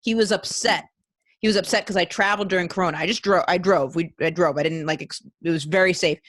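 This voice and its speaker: Low-pitched woman hosting a podcast, dry sound. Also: steady tone, fast talker, fairly bright tone, dry recording. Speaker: podcast host. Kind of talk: casual interview chat.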